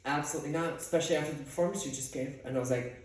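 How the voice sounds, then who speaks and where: Animated man telling a theater story. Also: on the high side, very fast, recorded from a distance, slight background noise. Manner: animated, dramatic, sassy asides. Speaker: theater teacher. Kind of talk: casual storytelling. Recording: echoey room, off-mic.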